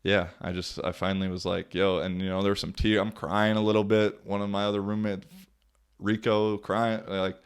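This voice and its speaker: A man's voice: lowish voice, flat delivery, moderate pace, clean tone. A young man hosting a podcast and telling a story in a loose, profane, rambling way with lots of fillers. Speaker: podcast host and football player.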